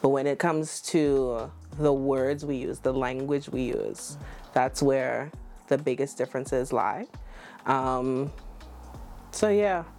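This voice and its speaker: Low-voiced woman host, teasing and chatty. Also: slow, mellow, soft background music. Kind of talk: casual chat, word-reading comparison.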